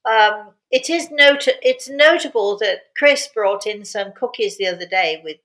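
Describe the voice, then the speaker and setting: A woman's voice: mid-range voice, unhurried, fairly bright tone, poor audio. Older lady hosting a live chat, chatty and cheerful, bit of a cough, easygoing pace. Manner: chatty, upbeat, rambling, laughs often. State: intermittent cough. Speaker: host.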